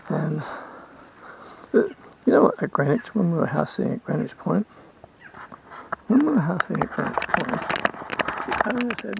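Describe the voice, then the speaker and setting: Australian man, vlogger mid-whinge, repetitive and rambling, husky-edged fry throughout, faint hiss behind. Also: on the high side, lively intonation, normal speed, lo-fi sound. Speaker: vlogger and house sitter. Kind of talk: casual vlog rant.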